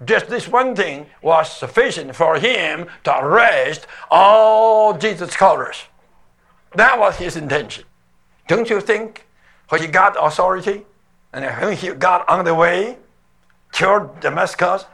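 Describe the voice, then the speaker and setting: A man's voice: high voice, lively intonation, measured pace, vocal fry, sharp tone. An older man preaching a sermon, telling the story emphatically and dramatically and stretching out the words he stresses. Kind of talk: sermon, played from an archive recording.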